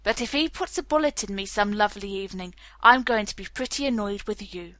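A woman's voice: medium pitch, a little fast, a bit bright, no echo, close to an everyday voice. A woman reading the part of a self-assured young man, wry and lightly teasing.

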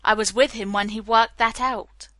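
Cocky young guy, teasing and breezy, pitched a bit high, woman reading. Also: fairly even intonation, moderate pace, pushed and bright, dry recording. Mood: wry. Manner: wry, light, teasing. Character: breezy, self-assured young man playing detective.

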